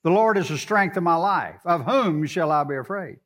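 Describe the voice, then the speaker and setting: A man preaching with a high voice and a drawl. He quotes scripture and talks to the congregation in a loose, conversational way. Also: animated, moderate pace, a bit bright. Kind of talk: sermon.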